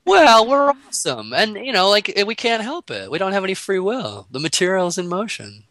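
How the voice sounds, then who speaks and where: Male guest, animated and playful, laughing and wandering through ideas, very dry close sound. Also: sits high, normal speed, dry recording. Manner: playful and laughing, rambling with restarts. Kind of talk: casual philosophical conversation.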